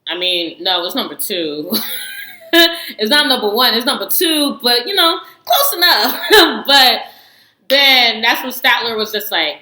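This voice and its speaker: A woman casually reviewing a reality show, animated and outspoken, laughing often and swearing freely. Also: fairly high pitch, measured pace, reverberant, rough recording. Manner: slangy, animated storytelling with frequent laughs. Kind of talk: casual chat.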